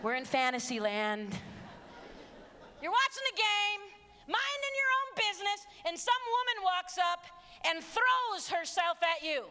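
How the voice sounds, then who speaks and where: Middle-aged woman, stage speaker, sharp bright voice, sarcastic and emphatic, long hall echo. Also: very high-pitched, very animated, a little slow. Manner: emphatic and sarcastic, swinging between hushed and shouted. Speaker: speaker addressing students and parents. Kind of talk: live motivational talk. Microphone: handheld stage mic.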